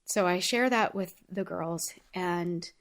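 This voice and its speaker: A woman's voice: lowish voice, takes it slowly. A woman hosting her own show, talking through a personal story in an earnest, heartfelt way, chatty and full of casual fillers. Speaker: podcast host. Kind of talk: personal reflective monologue.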